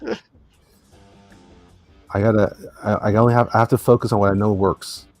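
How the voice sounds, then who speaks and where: A man's voice: on the low side, steady tone, brisk, darkish tone, no room sound, soft background music. A man, a guest artist, chatting in a meandering, self-deprecating way while he draws. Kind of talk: casual chat while drawing.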